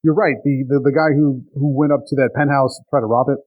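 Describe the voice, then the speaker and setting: Fast-talking exasperated podcast man. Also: medium pitch, steady tone, no room sound, narrow, tinny audio. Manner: quick, exasperated, repeats himself for emphasis. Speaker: podcast co-host. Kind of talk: casual comic book discussion.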